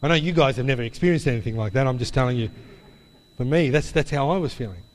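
A man's voice: mid-range voice, fast talker. A man preaching a sermon. He tells a personal story in a chatty way, with "you know" and "hey?" tags, before he draws the lesson. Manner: chatty storytelling with tag questions. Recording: long hall reverb.

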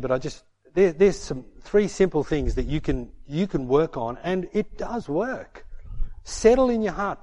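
A man's voice: fairly high pitch, a little mellow. A middle-aged man preaching a sermon, emphatic and punctuating his points with "hey". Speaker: pastor.

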